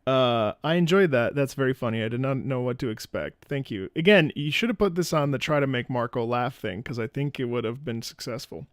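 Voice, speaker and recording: A man's voice: medium pitch, animated, a little fast, few pauses, no echo, clean studio sound. A man hosting a casual reaction video, chatting and reading out viewer requests at home.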